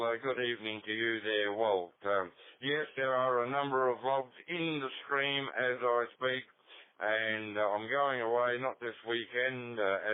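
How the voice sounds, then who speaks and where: An Australian man in his seventies chats casually on a ham radio net, rambling through anecdotes with dry humor. His medium-pitched voice comes through as a tinny, dry radio transmission with no room sound.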